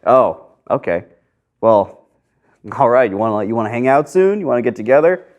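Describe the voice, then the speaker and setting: An easygoing teenage boy, played by a man who talks casually in a lively voice that rises and falls a lot. He sounds like an everyday guy. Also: medium pitch, moderate pace, highs cut off, lightly acted. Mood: cheerful. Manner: casual, agreeable, repeats filler words.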